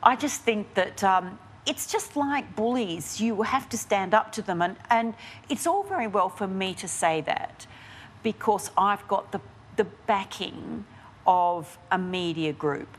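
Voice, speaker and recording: With a medium-pitched voice and a relaxed pace, an Australian investigative journalist answers interview questions as a guest, openly and with energy. Restarts and fillers come often, and a little hiss or hum sits under the audio.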